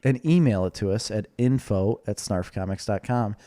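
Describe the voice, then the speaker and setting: A man's voice: fairly low pitch, moderate pace, mellow. A man from the Chicago area co-hosting a podcast, bantering casually and slipping into mock accents. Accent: Chicago-area American. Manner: joking, breaks into mock Chicago-Italian voice. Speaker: podcast co-host.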